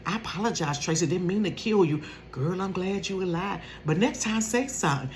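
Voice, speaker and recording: A woman in her fifties telling a casual storytime vlog from her bedroom, animated and laughing, acting out quotes in a high voice and sometimes dropping to a whisper. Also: fairly quick, a little hiss or hum. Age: 50s. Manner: drops to a whisper at times.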